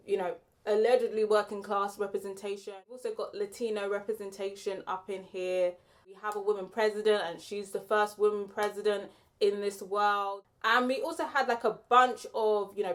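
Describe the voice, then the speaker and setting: A young woman giving a casual, opinionated spoken film review, chatty and full of "like" and "um". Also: mid-range voice.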